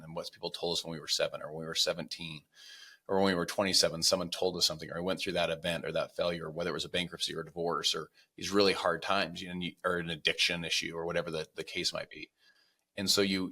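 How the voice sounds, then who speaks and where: A man with a very deep voice that has a bright, forceful edge, talking as a podcast guest. He tells motivational stories in an earnest way and puts on animated voices for the people he quotes. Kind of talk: motivational storytelling.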